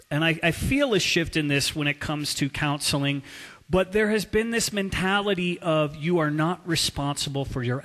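A male pastor preaching a sermon, telling stories in a slow, deliberate way. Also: a little high, a bit bright, long reverb tail. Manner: slow, deliberate storytelling delivery.

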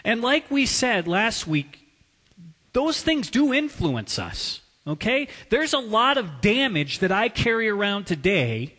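A male pastor preaching a sermon, telling stories in a slow, deliberate way. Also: high-pitched, pushed and bright, in a large hall. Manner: slow, deliberate storytelling delivery.

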